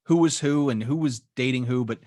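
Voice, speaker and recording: Speaking a little fast in a medium-pitched, darkish voice, a man co-hosts a podcast. He rambles through a casual conversation about a movie, frequently hedging with "um" and "like."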